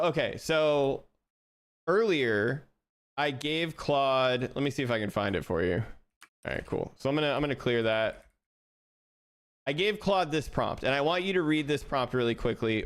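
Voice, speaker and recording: A young man live-streaming as he codes, talking casually to his chat, laughing often and thinking out loud with restarts. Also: medium pitch, smooth.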